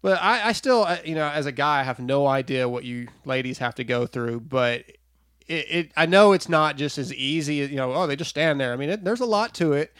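A man with a slightly high voice hosts a relaxed interview, chatty and stumbling over his words with frequent restarts. The sound is dry and close, with no room around it. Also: fairly quick, dry recording. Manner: chatty, stammers and restarts often. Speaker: podcast host. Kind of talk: casual interview over a call.

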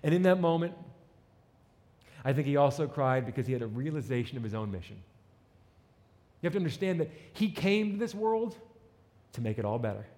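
A man's voice: on the high side, animated, fairly quick, pauses often, a little mellow. A man preaching a sermon, telling a story dramatically and acting out its voices, building to emphatic peaks. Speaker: pastor. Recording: long hall reverb.

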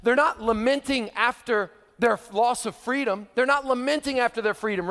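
A middle-aged male pastor preaching a sermon, animated and acting out quoted voices with humor. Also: extremely high pitch, normal speed, vocal fry, hardly any pauses. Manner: animated, acts out quoted voices, laughs with the audience. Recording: long hall reverb.

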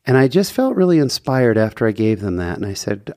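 A man's voice: mid-range voice, sing-song, a little fast, few pauses, mellow, dry recording, studio quality. A man hosting a podcast, telling a personal faith story in an earnest, heartfelt way. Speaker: podcast host.

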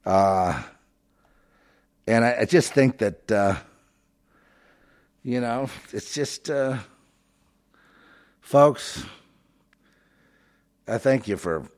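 A man talking as a show host in a rambling monologue, emotional and full of fillers, swinging between loud outbursts and low mutters. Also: takes it slowly, long pauses. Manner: many fillers and restarts.

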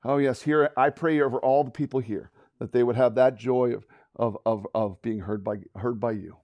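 A man preaching a sermon, telling a Bible story with lively acted-out voices and closing in a hushed prayer. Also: medium pitch, moderate pace, dry recording, dull audio. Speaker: pastor.

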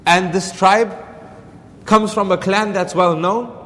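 Male Islamic lecturer, higher voice, storytelling lesson, repeats points for emphasis. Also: fairly even intonation, slow, a bit bright, long reverb tail. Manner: repeats phrases, asks rhetorical questions.

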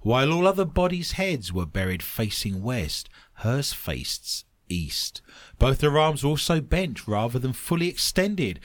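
Animated joking man hosting a podcast. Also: mid-range voice, measured pace, no echo, clean studio sound. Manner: jokey, animated, reads news stories aloud. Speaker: podcast host. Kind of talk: comedic news chat.

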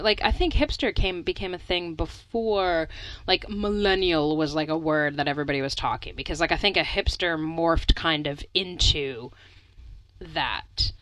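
A young adult woman co-hosting a podcast in casual chat, talking fast and loose with lots of "like" and frequent laughs. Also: on the low side, fairly bright tone, dry recording, rough recording. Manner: chatty, fillers of "like", laughs often. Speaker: podcast co-host.

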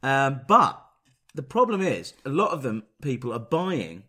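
A man co-hosting a podcast, grumbling with dry deadpan humour. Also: medium pitch, measured pace, breathy edge. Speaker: podcast co-host. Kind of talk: casual comedic chat.

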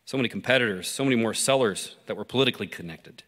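A man preaching through a story, pausing to ask listeners reflective questions. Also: mid-range voice, fairly bright tone. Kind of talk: sermon told as a story. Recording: long hall reverb.

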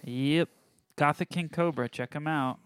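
A man's voice: fairly high pitch, measured pace, clean tone, no room sound, studio quality. A man co-hosting a casual podcast chat, laid-back and playful, laughing often.

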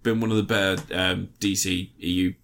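A man's voice: deep voice, flat delivery, moderate pace, creaky, fairly bright tone. A man co-hosting a casual podcast chat, laughing often, swearing freely and trailing off mid-sentence. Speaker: podcast co-host.

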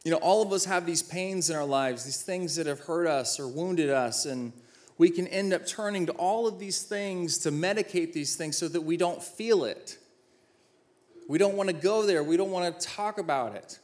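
In his thirties, this former football player gives an inspirational talk, sharing personal stories with self-deprecating humor and acting out the dialogue. His voice sits on the high side, a little mellow, at a moderate pace.

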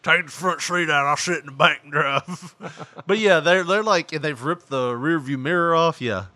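A man's voice: a little high, normal speed, pushed and bright, dry recording. A man co-hosting a podcast in easygoing, profane chat, laughing often. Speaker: podcast co-host. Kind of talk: casual chat.

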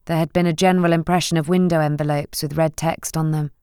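Smooth, low-voiced woman narrating. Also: flat delivery, fast, dark tone, no room sound, studio quality. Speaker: audiobook narrator. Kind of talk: scripted narration.

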